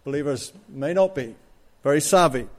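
A man's voice: a little high, moderate pace. A man preaching a sermon, stressing his points and putting rhetorical questions to the congregation.

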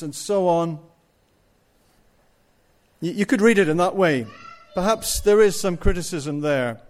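Emphatic preacher, slightly high voice. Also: male voice, unhurried, long pauses. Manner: emphatic, asks the congregation rhetorical questions. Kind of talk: sermon.

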